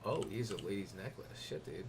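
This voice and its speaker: Excitable, playful gaming streamer man. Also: on the low side, a little fast, background noise. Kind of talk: casual gameplay commentary.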